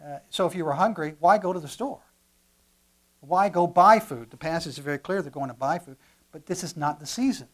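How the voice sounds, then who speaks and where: A male pastor preaching a sermon, animated, moving from quiet asides to loud emphatic lines and repeating words as he restarts. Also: fairly high pitch, brisk.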